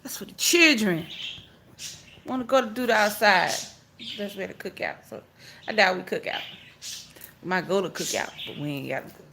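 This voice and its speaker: A middle-aged woman, chatting casually on a phone livestream from home and greeting each viewer with a high "hey". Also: lively intonation, normal speed, gravelly, pauses often, sharp tone, a little hiss or hum. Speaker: vlogger hosting a phone livestream. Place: at home, indoors. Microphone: phone held at arm's length. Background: pet birds chirping.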